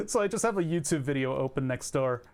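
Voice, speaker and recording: Guy streaming a factory game, kinda high voice, rambly and jokey, talks to chat. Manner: rambling, self-mocking, jokey asides to chat. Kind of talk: casual gameplay commentary.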